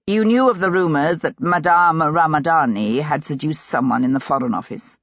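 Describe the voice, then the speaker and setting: A woman's voice: deep voice, moderate pace, gravelly, fairly bright tone, no echo, exaggerated voice. A woman voicing a stern, probing nobleman. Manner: probing and terse. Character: stern determined male nobleman investigator. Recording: dull dry lo-fi recording.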